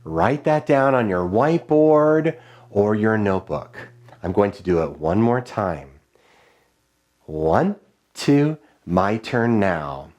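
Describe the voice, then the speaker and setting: A male music teacher leading children through rhythm dictation, chanting rhythm syllables in a high sing-song and giving clear, encouraging call-and-response instructions. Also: lively intonation, takes it slowly, darkish tone, a little hiss or hum. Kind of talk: online music lesson for children.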